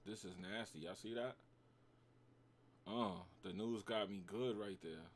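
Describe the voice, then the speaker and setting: Man, New York accent, lowish voice, slangy livestream banter, faint hum behind. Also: unhurried, long pauses. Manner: slangy, banters with chat, reacts to trades. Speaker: livestream trading host. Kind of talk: casual livestream chat.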